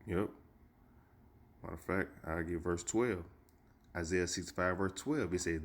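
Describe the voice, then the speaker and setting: A man giving an emphatic street sermon, reading scripture slowly and stopping often to ask "you see?". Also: sits low. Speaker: street preacher.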